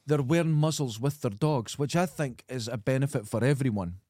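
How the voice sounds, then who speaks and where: A man co-hosting a podcast, trading crude jokes and swearing freely as he runs through the news. His voice sits at a middling pitch. The sound is dry and close, with no room around it. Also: normal speed, warm tone, dry recording. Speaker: podcast co-host. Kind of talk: casual banter.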